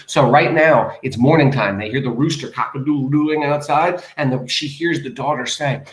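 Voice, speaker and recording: A man's voice: mid-range voice, normal speed, hardly any pauses, reverberant, poor audio. A man teaching a lesson, reading a poem aloud and explaining it in a chatty, enthusiastic way. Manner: chatty, enthusiastic, shifts between soft reading and excited asides.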